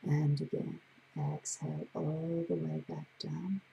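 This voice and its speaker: A woman hypnotherapist with a gravelly voice, leading a slow, soothing guided breathing exercise. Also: deep voice, little pitch movement, lo-fi sound, a little hiss or hum. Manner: slow, soothing, drawn-out guidance.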